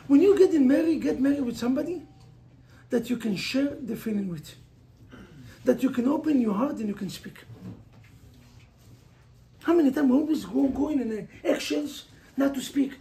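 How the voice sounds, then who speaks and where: A man's voice: very high voice, gravelly, warm tone. A man with an Israeli accent, a native Hebrew speaker, giving an emphatic motivational sermon as a rabbi and pressing listeners with rhetorical questions.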